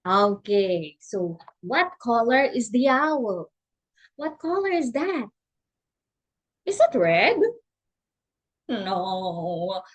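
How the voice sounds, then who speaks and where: A woman's voice: mid-range voice, fairly bright tone. A woman teaching English to a young child online, patient and encouraging, with exaggerated prompts. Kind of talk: slow demo lesson for a young learner.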